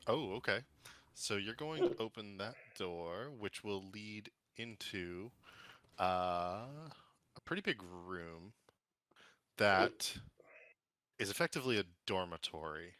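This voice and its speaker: A man's voice: lowish voice, slow, bright, forceful tone. A man running a tabletop game as dungeon master over an online call, describing scenes in a loose, chatty way with lots of fillers.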